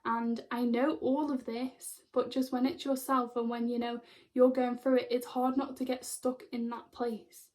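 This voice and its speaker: A young woman tells a personal story to camera in a chatty, excitable way, full of fillers. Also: fairly high pitch, measured pace. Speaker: spiritual vlogger.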